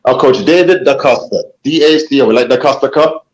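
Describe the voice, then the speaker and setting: A man's voice: mid-range voice, fairly quick, poor audio. A man from Jamaica with a Jamaican accent, a football coach explaining tactics in casual chat, often asking if you understand. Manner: animated, restarts sentences, asks "you understand?".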